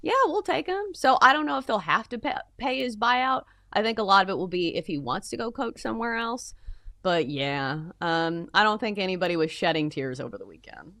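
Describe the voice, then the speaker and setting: Blunt, animated woman co-host. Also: mid-range voice, fairly quick, no echo. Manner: blunt, opinionated. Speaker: sports show co-host. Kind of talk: casual sports chat.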